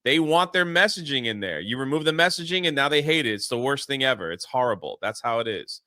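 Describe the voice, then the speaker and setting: A man's voice: mid-range voice, expressive, fast, pushed and bright, dry recording, studio quality. An American man co-hosting a casual commentary chat, sarcastic and indignant, often laughing. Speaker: co-host.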